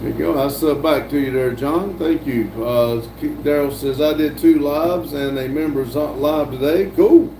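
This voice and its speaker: A man's voice: fairly high pitch, fairly even intonation, normal speed, few pauses. An older man, hosting a casual livestream, reading viewer chat aloud with many fillers and restarts. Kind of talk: casual live-stream chat. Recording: echoey room, voice from a distance, faint hum.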